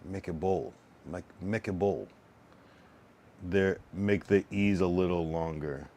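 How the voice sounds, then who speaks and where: A man with a very low voice talks casually on a livestream. He practices a phrase over and over, often half-muttering. He keeps asking himself how to get the sound right. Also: steady tone, slow pace, dark tone. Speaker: streamer.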